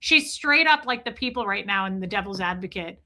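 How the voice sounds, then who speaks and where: A middle-aged woman hosting a livestream, talking in a profane, animated way as she comments on online drama and acts out what people said. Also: medium pitch, brisk. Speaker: livestream host.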